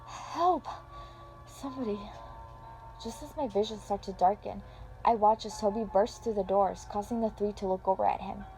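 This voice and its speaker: A woman reads a first-person fan story aloud in a dramatic, expressive manner. Faint music plays softly behind her voice. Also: mid-range voice, brisk, rough recording. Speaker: story reader.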